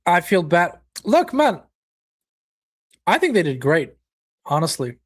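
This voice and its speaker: A man's voice: high voice, huge pitch swings, takes it slowly. A man hosting a live football watchalong, chatting casually, reacting to the match and viewers' comments, with occasional swearing. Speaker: watchalong host.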